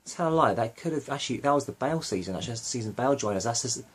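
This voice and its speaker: A man's voice: mid-range voice, lively intonation, rapid-fire, breathy edge. A young man hosting a fan podcast, rambling casually with lots of fillers and self-corrections. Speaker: podcast host.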